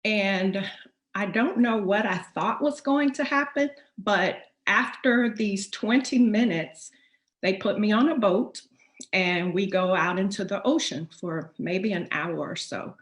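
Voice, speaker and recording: Woman host, emphatic storyteller, mid-pitched, echoey room. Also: measured pace. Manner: animated, emphatic retelling. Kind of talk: personal storytelling. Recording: roomy echo.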